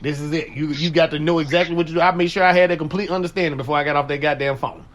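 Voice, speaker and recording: Rattling along at a rapid-fire pace in a fairly high voice, a radio talk show host spins lively, laughter-filled stories packed with crude slang, all in a loose conversational style.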